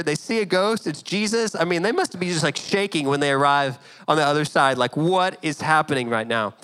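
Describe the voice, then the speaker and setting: A man in his thirties delivering a sermon with an easy, conversational touch. His voice sits a bit high for a man, and he keeps checking in with the congregation as he acts out small scenes from the story. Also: a bit bright, clean tone. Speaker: pastor.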